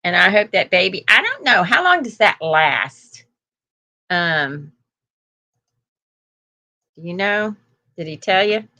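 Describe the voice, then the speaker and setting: A woman's voice: fairly low pitch, expressive, takes it slowly, long pauses, pushed and bright. An older woman hosting a casual live chat, rambling through stories and laughing often. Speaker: host.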